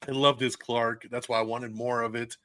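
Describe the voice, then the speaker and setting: A man hosting a podcast, reviewing a movie in casual, excited chat. He swears freely and laughs often. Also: medium pitch, moderate pace, no echo. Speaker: podcast host. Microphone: podcast mic, recorded live for video stream.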